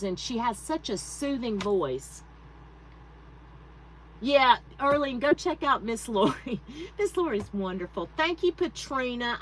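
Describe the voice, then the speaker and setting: A woman's voice: sits high, fairly bright tone, a little hiss or hum, low-quality recording. A woman hosting a craft channel, chatting casually with her viewers while she works, laughing often. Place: home craft room.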